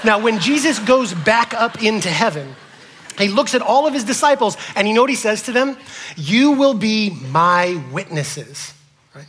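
A man preaching a sermon to his congregation, asking them questions and swinging from loud to whispered. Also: high-pitched, fairly quick, slight background noise. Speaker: pastor.

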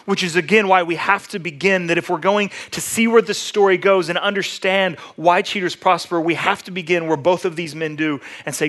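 A man preaching a sermon, retelling scripture in a relaxed, conversational storytelling way. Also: sits high, a little fast, hardly any pauses. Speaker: pastor.

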